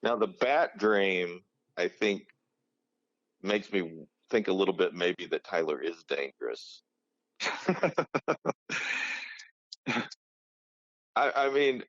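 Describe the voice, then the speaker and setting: A man with a very low voice co-hosting a casual podcast, who muses analytically with a teasing edge. The recording is dry and a little muffled, with a lo-fi quality. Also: dry recording. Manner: thoughtful, analytical, gently teasing. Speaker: podcast co-host. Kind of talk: casual chat. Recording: slightly dull lo-fi sound.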